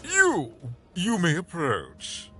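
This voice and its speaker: A pompous game duke bristling with indignation, his voice high and bright, leaping wildly up and down as he commands. He speaks slowly, each word weighed with self-importance. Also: huge pitch swings, faint music behind, exaggerated voice. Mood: haughty. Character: haughty pompous male duke, demanding formality.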